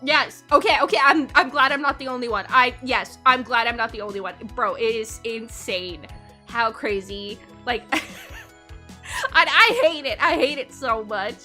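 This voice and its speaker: A woman's voice: on the high side, moderate pace, pushed and bright, soft background music. A young woman streaming live, chatting casually with her chat and giggling often between sentences.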